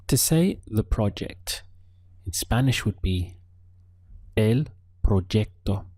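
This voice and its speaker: Calm, deep-voiced man teaching slowly. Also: husky, no echo, clean studio sound. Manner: calm, patient, models words slowly for repetition. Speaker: language teacher. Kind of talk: slow, deliberate spoken lesson.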